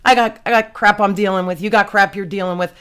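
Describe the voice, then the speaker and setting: A woman hosting a podcast, chatting casually and telling stories in an animated, exclamatory way. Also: mid-range voice, fast. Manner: animated storyteller, exclamatory, slangy. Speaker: podcast host. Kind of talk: casual chat.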